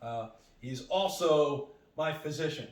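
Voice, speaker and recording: Brief: male comic guest, highish voice, spins a profane, lively yarn, echoey room, mic at a distance. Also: takes it slowly. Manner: animated, profane, acts out other people's lines. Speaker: comedian guest. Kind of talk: comedic storytelling on a podcast.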